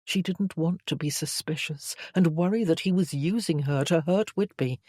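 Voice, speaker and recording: A woman reading a historical romance novel aloud in a measured storytelling manner. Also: low voice, a little mellow, no room sound, clean studio sound. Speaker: audiobook narrator. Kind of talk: scripted romance narration.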